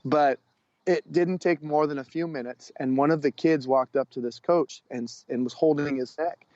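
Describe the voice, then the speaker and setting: A man speaking as a guest coach educator on a podcast, telling stories in an earnest, expressive way. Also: a little high, moderate pace, no room sound. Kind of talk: storytelling interview talk. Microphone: podcast microphone. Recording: dull lo-fi sound.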